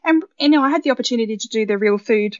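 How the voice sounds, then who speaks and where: An Australian woman hosting a podcast, chatting casually and telling lively stories with easy laughter. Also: on the high side, very fast, no room sound, muffled recording. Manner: chatty, animated storyteller who laughs easily. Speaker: podcast host. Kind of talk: casual conversational chat.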